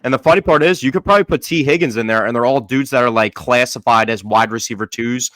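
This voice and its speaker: A man's voice: mid-range voice, fast talker, a bit bright, no echo. A man co-hosting a casual sports podcast, giving blunt, opinionated takes in a bantering way. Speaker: podcast co-host.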